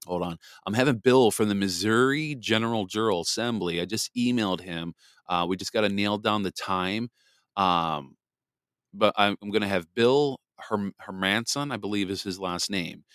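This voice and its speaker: A man's voice: on the low side, a bit bright, no echo, studio quality. A man hosting a live podcast in a rambling, chatty way, greeting listeners by name. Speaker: podcast host. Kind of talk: casual live podcast chat.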